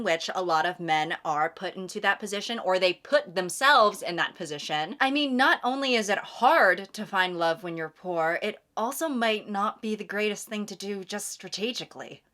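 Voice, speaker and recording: A woman's voice: mid-range voice, fairly bright tone. A young woman giving comedic commentary as a YouTuber, with a wry, sarcastic delivery and dramatic asides.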